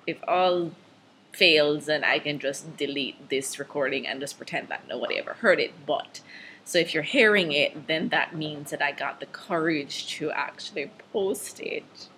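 A woman's voice: low voice, moderate pace, pushed and bright, slight background noise. A woman with a Jamaican accent hosting her own podcast in a casual solo monologue, nervous and rambling, laughing often between thoughts. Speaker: podcast host.

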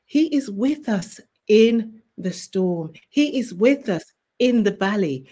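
A woman's voice: mid-range voice, expressive, slow pace, warm tone. A woman who is a guest author, sharing a fervent faith testimony in an interview. She speaks like a preacher and repeats key phrases for emphasis.

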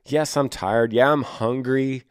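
A man's voice: mid-range voice, fairly even intonation, unhurried, clean tone, no echo, clean studio sound. A man hosting a podcast, giving earnest, encouraging advice to a listener and repeating his key phrases. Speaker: podcast host. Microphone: studio microphone.

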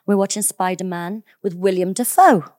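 A woman's voice: mid-range voice, normal speed, darkish tone. A woman in her thirties with a light Welsh accent, telling stories as a guest in a casual, giggly chat. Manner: chatty, giggly, storytelling. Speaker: actress, podcast guest.

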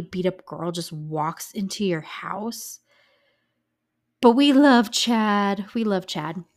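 A woman hosts a podcast, walking through a true-crime case in casual, animated talk full of fillers and the odd swear word. Her voice is a little scratchy and sits at an ordinary middle pitch for a woman. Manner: chatty, emphatic, with swearing and fillers. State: slightly scratchy voice. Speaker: podcast host.

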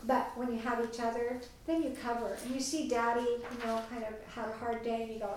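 A woman leading a parenting class for a small group, chatty and lively in how she tells stories. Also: on the high side, a little fast, few pauses, noisy background. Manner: chatty, acts out quoted voices. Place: meeting room with a small group. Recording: echoey room, mic far off.

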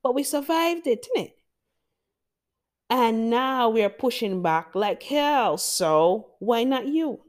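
A woman's voice: fairly high pitch, expressive, slow pace. A Jamaican woman hosting a motivational podcast, talking straight to her listeners in an emphatic, encouraging way. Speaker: podcast host.

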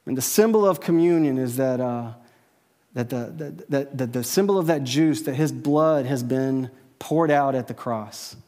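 A man preaching a sermon to a church congregation in a conversational way, often checking in with his listeners with a quick "right?". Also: medium pitch, mellow, long reverb tail. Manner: conversational, peppered with "right?" tag questions. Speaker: pastor. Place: church service with a live audience.

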